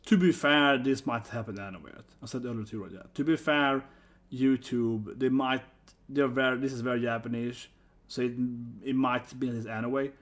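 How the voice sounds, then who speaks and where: A man's voice: medium pitch, fairly even intonation, a little fast. A man giving a casual, rambling commentary vlog, often tagging sentences with 'right?'. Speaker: YouTube commentator.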